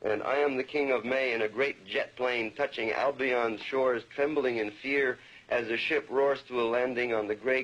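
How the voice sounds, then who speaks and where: A man's voice: medium pitch, fairly bright tone. A poet reading his own poem aloud in an incantatory, rhythmic way, leaning into repeated lines. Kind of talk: poetry reading. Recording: dull lo-fi archival recording.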